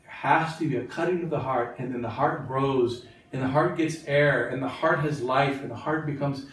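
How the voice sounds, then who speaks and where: A man's voice: mid-range voice, moderate pace, fairly bright tone, a little hiss or hum. A man, a bishop, giving a catechism talk to religious sisters, asking his listeners questions and repeating phrases for emphasis. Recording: very echoey room, mic far off.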